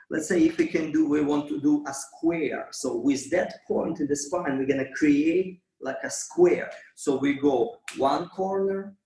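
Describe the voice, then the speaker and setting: Slow-talking dance teacher in an echoey studio. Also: male voice, fairly high pitch, darkish tone. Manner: counts beats with vocal sounds. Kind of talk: dance class instruction. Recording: roomy, from far off.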